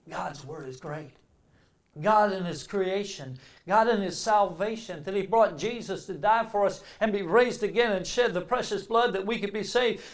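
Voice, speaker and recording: A man delivers a sermon in a fairly high voice. He builds to loud, emphatic declarations, then drops into quiet, reflective passages. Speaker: preacher.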